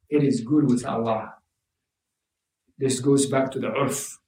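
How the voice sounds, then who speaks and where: A man's voice: medium pitch, unhurried, pauses often, darkish tone. Emphatic male preacher in an echoey hall. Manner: emphatic, repetitive preaching with Arabic terms. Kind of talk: sermon. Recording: echoey room, mic at a distance.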